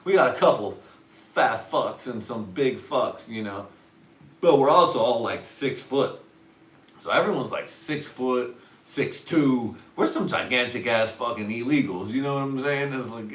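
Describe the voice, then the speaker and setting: A man's voice: medium pitch, animated, a little slow, fairly bright tone, distant mic, a little hiss or hum. A man talking casually on a livestream, rambling crudely with heavy swearing. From Mexican family. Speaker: livestream host. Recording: roomy sound from away from the mic.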